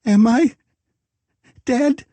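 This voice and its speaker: A man voicing a frightened, confused young woman in an audiobook, soft and pleading. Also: extremely high pitch, level tone, drawn-out words, no room sound, voice pushed up, heavily acted. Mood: terrified.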